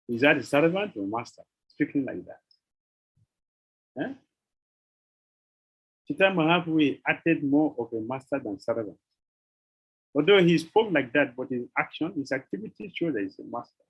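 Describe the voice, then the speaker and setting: A man giving a devotional lecture, telling sacred stories with rhetorical questions and an animated, questioning manner. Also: a little high, normal speed, pauses often, breathy edge, lo-fi sound. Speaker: spiritual teacher.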